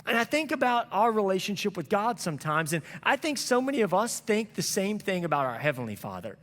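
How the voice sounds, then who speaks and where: A man's voice: high voice, very animated, a little fast, fairly bright tone, long reverb tail. A man preaching a sermon as a pastor, telling a story in a conversational, earnest way. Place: church sanctuary.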